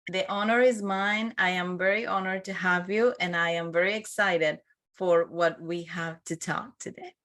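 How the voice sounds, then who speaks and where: Woman, podcast host, slightly low pitch, formal, measured introduction. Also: steady tone, fairly bright tone. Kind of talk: scripted guest introduction and interview.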